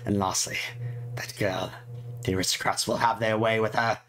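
A man's voice: fairly low pitch, little pitch movement, normal speed, a bit bright, close to an everyday voice. A man voicing a fretful, spiteful young schoolgirl, reading her diary in a prim, theatrical way. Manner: prim, theatrical, swings from whimpering to gloating.

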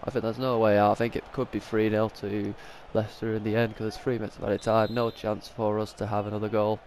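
A man's voice: lowish voice, level tone, fast, slight background noise. A man giving casual commentary over a football video game, with many filler sounds and sudden angry outbursts at the referee. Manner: frequent filler sounds, swears and shouts at the referee. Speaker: gaming YouTuber.

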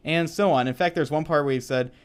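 A man's voice: on the high side, fast talker, clean tone. A man in casual, unscripted conversation, rambling and enthusiastic as he reviews a film, laughing often. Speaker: co-host reviewer.

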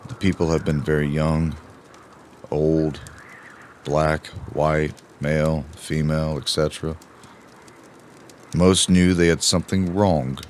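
A man giving a slow, measured first-person audiobook narration. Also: rumbling low, level tone, a little hiss or hum.

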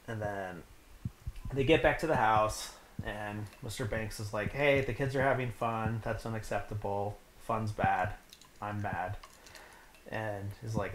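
A young man hosts a casual podcast and recaps a film. His voice sits a little low, and he talks in a loose, joking way full of fillers. The room is echoey and has noise behind him. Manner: chatty, filler-heavy, joking. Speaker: podcast host.

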